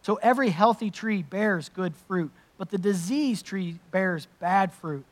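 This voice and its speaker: A pastor delivers a sermon in a slightly high male voice. He moves between scripture reading and emphatic, conversational explanation. He adds casual asides as he preaches. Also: a little slow.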